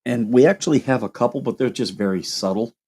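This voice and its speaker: A man's voice: medium pitch, fast talker, dark tone, slightly rough. A man from Ohio with a Midwestern accent, hosting a casual livestream and chatting with viewers. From Toledo, Ohio. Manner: rambling, chatty, reacts to chat comments. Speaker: livestream host.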